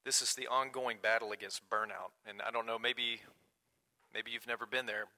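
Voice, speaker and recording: A man preaching a sermon in an earnest way, swinging from loud emphasis to quiet, hushed asides. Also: medium pitch, fairly even intonation, normal speed. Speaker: pastor.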